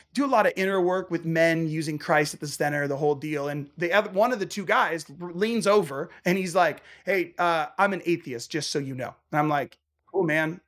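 A man, a traveling worship musician, telling a passionate faith story and acting out the back-and-forth of a conversation. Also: on the high side. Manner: animated, acts out dialogue in quick bursts.

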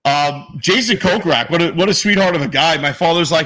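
Man, podcast co-host, sports talk, animated, swears a lot, bright tone. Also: fairly high pitch, fairly quick, hardly any pauses. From New York area. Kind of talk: casual sports chat.

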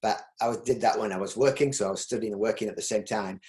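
A middle-aged Yorkshire business owner, interviewed casually, talks quickly in a lowish, darkish voice. He rambles loosely, restarting sentences often and saying "um" a lot. The room gives a roomy echo.

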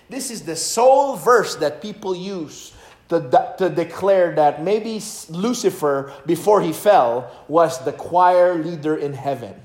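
Man preaching, high voice, slow delivery, emphatic, sings hymn snippets, echoey room. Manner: emphatic, sings hymn lines to demonstrate rhythm. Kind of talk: sermon.

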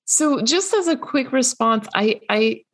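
A woman's voice: fairly high pitch, animated, a little slow, fairly bright tone. A woman co-hosting a casual podcast, chatty and hedging, with restarts and frequent laughs. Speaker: podcast co-host. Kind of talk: casual chat.

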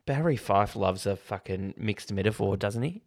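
A man's voice: fairly low pitch, lively intonation, normal speed. A man co-hosting a casual film podcast, joking and swearing freely. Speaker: podcast co-host.

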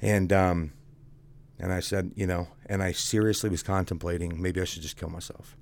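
A man with a very deep voice and plenty of gravelly fry tells his story as a guest. He talks bluntly and conversationally, tossing "dude" at the host. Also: steady tone, normal speed. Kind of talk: casual candid storytelling.

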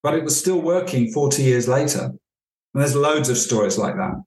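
A man's voice: medium pitch, animated, normal speed, a little mellow. A man, a leadership coach, answering interview questions and telling stories, acting out the dialogue as he goes. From United Kingdom. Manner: storytelling, acts out dialogue. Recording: echoey room.

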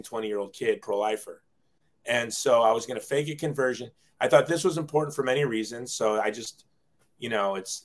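A man's voice: mid-range voice, fairly bright tone. A man in his forties, a guest telling his life story in a casual, self-deprecating way, often acting out quoted dialogue.

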